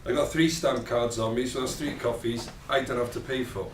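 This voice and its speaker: A man's voice: medium pitch, fairly even intonation, a little fast, slight background noise, lightly acted. A man playing a sardonic foul-mouthed Welshman. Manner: sardonic, swearing, wry asides. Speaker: actor performing a monologue. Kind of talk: stage monologue. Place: rehearsal room. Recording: roomy, distant mic.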